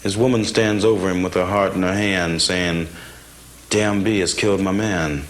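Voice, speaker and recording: A man's voice: low voice, fairly even intonation, moderate pace. A young man in his twenties, a football player, speaking earnestly about his struggles and reciting his own poetry with dramatic flair. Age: 20s. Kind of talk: reflective interview and poetry recital.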